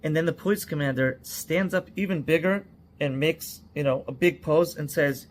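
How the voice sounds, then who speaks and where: A man's voice: fairly high pitch, normal speed, fairly bright tone, slight background noise. A man who trains people in psychological first aid, earnestly telling a cautionary story and stacking his points in lists.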